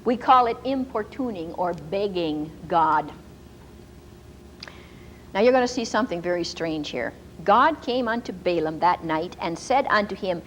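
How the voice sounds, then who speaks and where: Woman bible teacher telling stories in a sermon, animated, laughs a lot, voice jumps all over. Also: on the low side, unhurried, a little hiss or hum, poor audio. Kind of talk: storytelling sermon.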